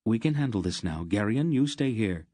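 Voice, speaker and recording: A man voicing a stern woman healer-sorceress who gives brisk, sharp orders in a raised voice. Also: lowish voice, animated, dry recording, clean studio sound, voice pushed up. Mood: commanding.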